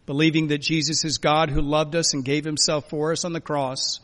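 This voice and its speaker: A man preaching a sermon as a pastor, emphatic, swinging between loud urging and quiet, soft lines. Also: a little high, flat delivery, normal speed. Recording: long hall reverb.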